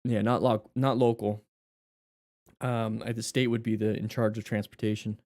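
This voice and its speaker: A man's voice: fairly low pitch, little pitch movement, normal speed, a little mellow, no room sound, clean studio sound. A man hosting a live motorcycle class, reading out viewer questions and answering them casually, thinking aloud and correcting himself as he goes. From United States.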